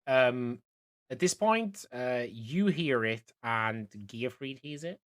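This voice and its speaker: A young man narrating as dungeon master of a tabletop game, halting and full of fillers. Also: mid-range voice, lively intonation. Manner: hesitant, many fillers and restarts.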